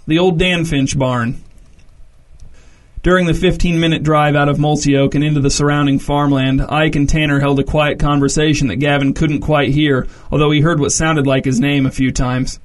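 A man reading a comic story aloud in a dry, deadpan narration. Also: a little high, fairly quick, hardly any pauses. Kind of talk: scripted narration.

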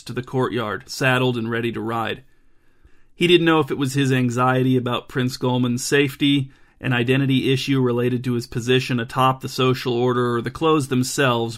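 A man with a head cold hosting a podcast and calmly narrating a bedtime story. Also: mid-range voice.

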